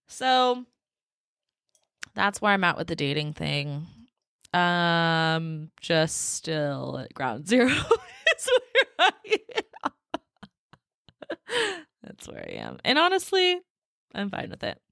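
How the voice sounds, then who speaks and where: A woman's voice: on the low side, big pitch swings, a little slow, pauses often, fairly bright tone, no room sound, clean studio sound. A young woman hosting a solo podcast, telling a dating story in a sassy, exasperated way and laughing often. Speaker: podcast host.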